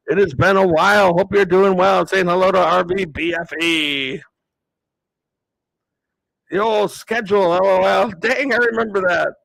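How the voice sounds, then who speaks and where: A man casually chatting to viewers on a live stream, rambling in a relaxed way. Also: sits high, measured pace, creaky, long pauses, dry recording, low-quality recording.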